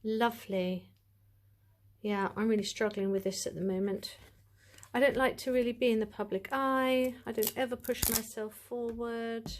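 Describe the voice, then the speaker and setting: A woman's voice: fairly high pitch, fairly even intonation, moderate pace, a little hiss or hum. A woman chatting to camera as she reviews a tarot deck, gushing, rambling and full of asides.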